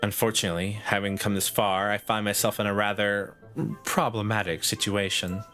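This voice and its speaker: A man's voice: fairly low pitch, level tone, normal speed, bright, forceful tone, faint music behind. A man voicing a fussy, pompous woman professor who lectures and hands out marks. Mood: haughty. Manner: haughty, lecturing, clipped.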